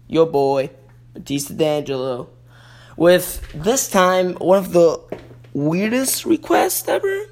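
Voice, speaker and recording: A man's voice: sits high, slight background noise. A podcast host, a man, casually reading a children's fairy tale, chatty and prone to correcting himself.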